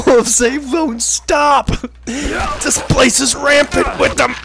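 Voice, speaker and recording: A man giving joking let's-play commentary, partly in character, often laughing and yelling at enemies. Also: very high voice, fairly even intonation, takes it slowly, gravelly, music in the background. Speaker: gaming video creator.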